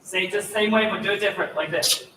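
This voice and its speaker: A man's voice: sits high, fast talker, pushed and bright. A man leading a student choir rehearsal, coaching singers and demonstrating vocal sounds in an encouraging way. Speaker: choir clinician. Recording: echoey room, mic far off, noisy.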